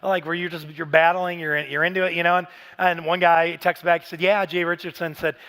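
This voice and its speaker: High-voiced animated man preaching. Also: a little fast. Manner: casual, animated storytelling with bursts of shouting. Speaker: pastor. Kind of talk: Father's Day sermon. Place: large church auditorium. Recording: church hall reverb.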